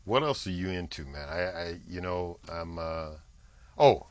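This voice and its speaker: A man's voice: low voice, lively intonation, measured pace, no echo. A man hosting a talk show, chatty and eager, pressing his guest for stories. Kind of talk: casual interview chat.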